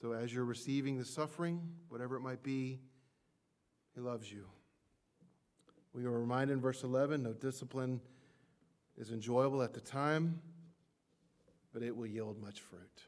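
A middle-aged male pastor giving a sermon, moving from soft, hushed passages to loud, impassioned climaxes. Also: medium pitch, normal speed, pauses often.

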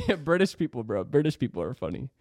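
A man's voice: fairly high pitch, big pitch swings, quick pace, dark tone, no room sound. Young guy chilling on a podcast, easygoing, keeps saying bro, dry close mic. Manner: laid-back, peppers speech with "bro". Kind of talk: casual podcast chat.

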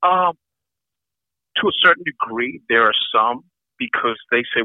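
Older man, interview guest, gravelly voice, emphatic repetition, tinny phone-like sound. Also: mid-range voice, lively intonation, measured pace, pauses often, dry recording. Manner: emphatic, piles up repeated lists. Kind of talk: reflective interview talk. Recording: dry tinny phone-like line.

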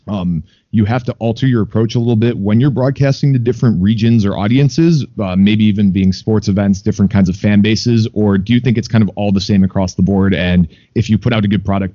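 A man's voice: lowish voice, brisk, dark tone, no room sound. A man interviewing a guest and asking loose, rambling questions full of fillers. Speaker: podcast interviewer. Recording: dry, dull lo-fi sound.

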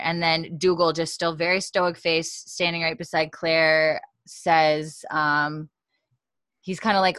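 A woman's voice: low voice, measured pace, clean tone, no echo. A woman in casual chat, recapping a show scene by scene and acting out the characters' lines as she tells them. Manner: lively storyteller, acts out quotes, laughs often. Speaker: podcast co-host recapping a show.

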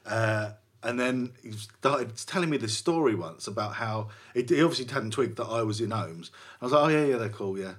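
A man's voice: lowish voice, expressive, normal speed, hardly any pauses. A man co-hosting a podcast, chatting casually with dry, laid-back wisecracks. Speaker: podcast co-host. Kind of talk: casual chat.

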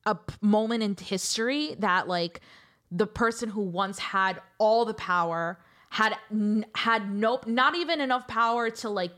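Woman cohost talking casually, lots of "like" and "um," mid-pitched voice. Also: fairly bright tone. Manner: chatty explaining, heavy use of "like" and "um". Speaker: podcast co-host. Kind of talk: casual podcast chat.

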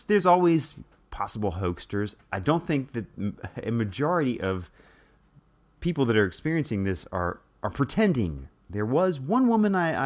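A man talking casually through an explainer monologue, with frequent restarts and fillers. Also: mid-range voice.

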